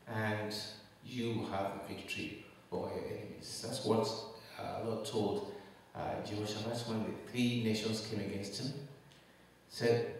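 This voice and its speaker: Low-voiced preacher in an echoing hall. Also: male voice, a little hiss or hum. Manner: preaching with rising emphasis and rhetorical questions. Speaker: pastor. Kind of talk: sermon. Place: church hall. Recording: echoey hall, mic at a distance.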